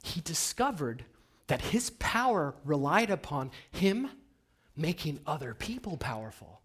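A man giving a motivational seminar talk to an audience, asking them questions and swinging from hushed whispers to loud, emphatic bursts. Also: a little high, very animated, a little slow, breathy edge. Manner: addresses the audience directly with rhetorical questions. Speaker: motivational speaker.

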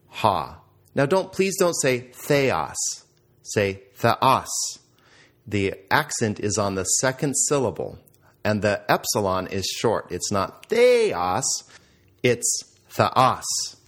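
A man's voice: fairly low pitch, big pitch swings, takes it slowly, a bit bright. A man teaching a Greek grammar lesson, explaining patiently and quizzing the listener.

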